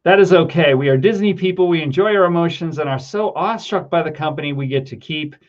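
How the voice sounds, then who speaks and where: A middle-aged livestream host chats casually while reading viewer comments, his voice on the high side and quick, with lo-fi sound. He rambles with lots of ums, laughs between words, and grows emotional and teary thanking his viewers.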